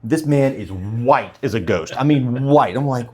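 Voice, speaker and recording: A man hosting a podcast, telling stories in an animated, casual way. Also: medium pitch, moderate pace, hardly any pauses. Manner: animated storyteller. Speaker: podcast host. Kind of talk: casual storytelling chat.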